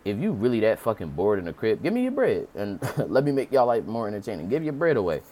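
A man ranting in casual commentary, profane and animated, jumping into mocking high-pitched impressions. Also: fast talker.

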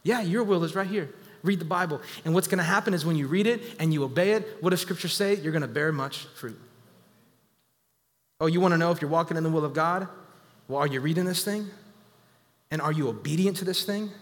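Man, pastor, 30s, high voice, sermon, big swings in loudness, long church reverb. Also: fairly quick. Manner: preaching with sudden rises and drops in volume; acts out whiny quoted voices of people.

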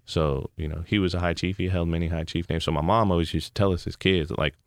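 A man in his thirties from California, a podcast guest talking in a relaxed, heartfelt, reflective way. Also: low voice, fast, no echo, clean studio sound. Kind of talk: casual podcast chat.

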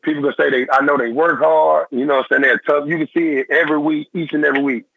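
A young man, a former football player, talking in a phone-in interview in halting, repetitive phrases. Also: a little high, steady tone, vocal fry, husky, no room sound. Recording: tinny phone line.

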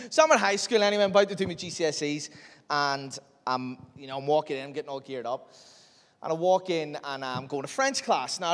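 A young man, telling a jokey, animated story to a young audience as a speaker. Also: a little high. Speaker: youth speaker. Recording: echoey hall with long reverb.

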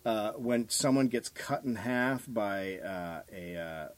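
A man guesting on a podcast, cracking deadpan jokes with hesitant restarts. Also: lowish voice, slow pace. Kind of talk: casual chat.

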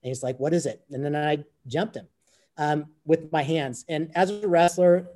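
Earnest man, fairly high voice. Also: normal speed, warm tone. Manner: earnest, repeats phrases as he recounts. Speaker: interview guest. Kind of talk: conversational storytelling.

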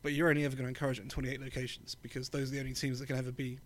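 A man's voice: medium pitch, flat delivery, racing. A man from England with an English accent, co-hosting a podcast in casual chat, chatty with lots of ums and easy laughs. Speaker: podcast co-host.

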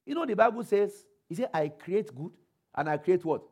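A high-pitched, husky male voice delivers an animated sermon. The preacher quotes scripture, challenges the congregation with rhetorical questions, and calls for their responses, varying pace and loudness for emphasis.

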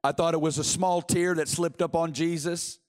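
A man preaching a fervent sermon in a church, with a notably high voice. He hammers his points home by repeating short phrases. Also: steady tone, normal speed. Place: church sanctuary.

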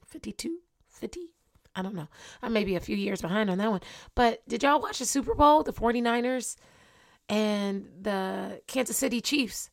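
A woman's voice: medium pitch, creaky. A young adult woman hosting her own podcast, talking casually to listeners, asking them questions and laughing often. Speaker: podcast host. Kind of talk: casual solo podcast monologue.

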